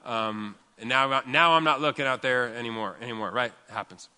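Bright-voiced pastor preaching in a reverberant hall. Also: male voice, medium pitch, brisk, smooth. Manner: conversational and joking, with frequent restarts. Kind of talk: sermon.

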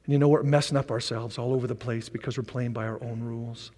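A man preaching a sermon as pastor, animated, with repeated rallying phrases and joking asides. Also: medium pitch, fast talker. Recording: long reverb of a large hall.

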